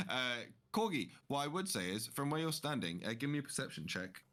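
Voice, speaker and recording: A man narrating a tabletop game as game master, relaxed and rambling with many fillers. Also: mid-range voice, moderate pace.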